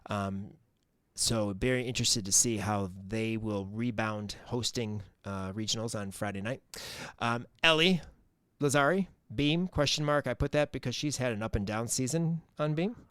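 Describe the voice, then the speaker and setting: A man's voice: medium pitch, normal speed, fairly bright tone, clear, resonant tone, no room sound. A man co-hosting a sports podcast, talking in a loose, rambling way with plenty of ums and restarts. His voice sits in an ordinary middle register. The sound is dry and close, with no room around it. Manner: rambling, lots of fillers and restarts. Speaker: podcast co-host. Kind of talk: casual sports chat.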